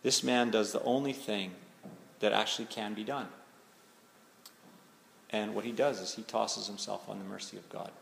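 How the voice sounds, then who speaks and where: Gravelly-voiced man preaching in an echoey hall. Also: fairly low pitch, steady tone, fairly bright tone, slight background noise. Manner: conversational and searching, slows down for emphasis. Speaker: pastor. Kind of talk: sermon. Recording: echoey hall with faint ambience.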